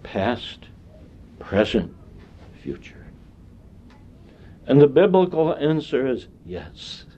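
A man preaching a sermon in a slow, deliberate way, with long pauses between phrases. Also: mid-range voice, big pitch swings, dark tone. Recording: dull lo-fi sound.

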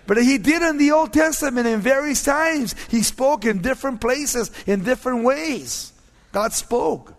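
A man preaching a sermon as a pastor, telling stories animatedly and often dropping to hushed tones. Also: extremely high pitch, expressive, measured pace, big-room sound.

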